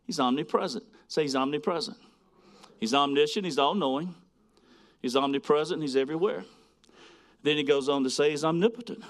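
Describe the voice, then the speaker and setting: A man preaching a sermon, swinging between loud, emphatic lines and quiet, hushed asides as he reads scripture to a congregation. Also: a little high, fairly quick, long pauses. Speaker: pastor.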